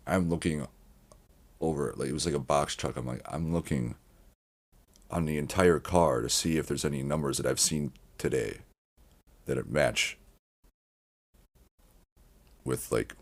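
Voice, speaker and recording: A man with an extremely deep voice and a gravelly rasp running through it. He talks in a loose, wandering podcast monologue, doubling back mid-sentence and swearing casually. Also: unhurried, long pauses. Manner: meandering, frequent restarts and swearing. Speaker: podcast host.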